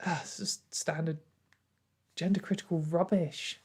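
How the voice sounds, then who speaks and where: A woman's voice: deep voice, fairly even intonation, a little slow, husky. Sarcastic woman ranting. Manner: sarcastic, exasperated, laughs often. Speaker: online commentator. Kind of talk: ranting commentary video.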